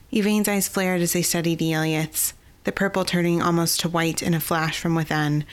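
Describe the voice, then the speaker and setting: A woman narrating a fantasy novel in a steady, even storytelling voice. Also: on the low side. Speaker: audiobook narrator.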